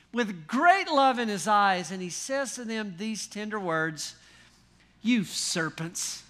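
A male pastor delivers a sermon with a high-pitched voice. His tone is bright and ringing. He keeps things folksy and animated, full of rhetorical questions and dry humor.

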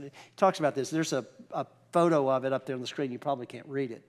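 Man, pastor, sermon, high voice, conversational, emphatic scripture quotes. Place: church.

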